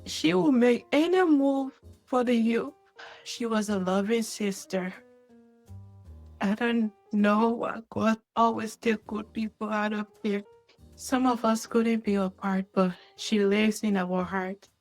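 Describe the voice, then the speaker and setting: A woman calling in to a live stream to share a tearful, heartfelt tribute, speaking in a halting way and holding back tears. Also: fairly high pitch, a little mellow, soft background music. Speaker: caller sharing a tribute. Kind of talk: emotional phone-in tribute.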